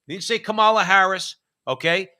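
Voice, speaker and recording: Brisk and forceful, this high, bright male voice belongs to a US co-host of a political talk show. He rants with emphasis and frequently starts his sentences over.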